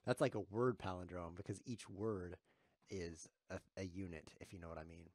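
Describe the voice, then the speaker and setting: A man's voice: low voice, unhurried, long pauses, no room sound. A man streaming live chess commentary, joking and chuckling as he reads chat messages aloud while he plays.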